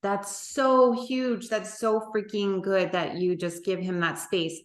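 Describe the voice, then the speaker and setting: Woman podcast host, emphatic and encouraging, mid-pitched voice, recorded in a roomy space. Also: fairly even intonation, takes it slowly. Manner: warm, affirming, emphatic. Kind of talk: conversational interview.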